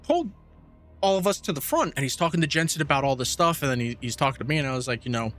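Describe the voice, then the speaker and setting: A man's voice: a little high, fast, faint music behind. A man co-hosting a podcast, telling a story with lots of swearing and acted-out quotes in casual chat. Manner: animated storyteller, swears freely, acts out quotes. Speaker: podcast co-host.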